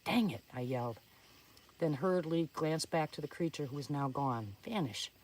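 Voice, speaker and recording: A woman's voice: deep voice, moderate pace, darkish tone. Storyteller woman, earnest suspense reading, some distance from the mic. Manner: earnest, suspenseful telling with small slips and restarts. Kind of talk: reading a first-person story aloud.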